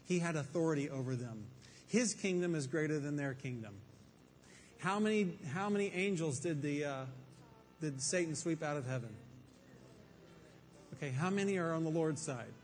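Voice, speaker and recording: A man's voice: on the high side, moderate pace, pauses often, darkish tone. A man preaching a Bible teaching to a room full of people, conversational and emphatic, with rhetorical questions. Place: room with an audience. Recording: faint reverb and background noise.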